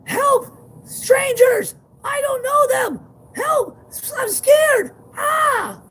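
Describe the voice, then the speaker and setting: A man's voice: drawn-out words, sharp tone, raised voice, exaggerated voice. A terrified little boy. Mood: screaming. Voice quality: high, strained and pleading.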